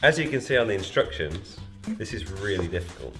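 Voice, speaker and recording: A man's voice: fairly low pitch, expressive, a little fast, bright, forceful tone, soft background music. A man co-hosting a casual youth-group video, joking and punning in a dry way. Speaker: co-host. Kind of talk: casual chat.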